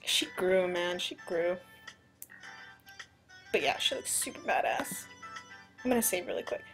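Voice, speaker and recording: A woman giving casual, chatty commentary on a video game she is playing, excitable and self-deprecating. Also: lowish voice, measured pace, soft background music. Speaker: let's play commentator.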